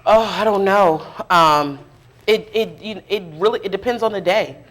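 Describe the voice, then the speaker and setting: Candid, animated woman activist storyteller. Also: medium pitch. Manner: animated, candid, quick to laugh at herself. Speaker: food justice activist and community organizer. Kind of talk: conversational storytelling in a public interview. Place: live interview event before an audience.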